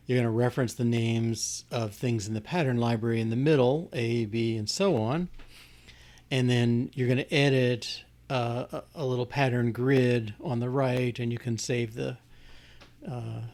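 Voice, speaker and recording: Slow, hesitant man thinking aloud. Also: mid-range voice, darkish tone. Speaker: programmer demonstrating code. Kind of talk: casual live coding walkthrough.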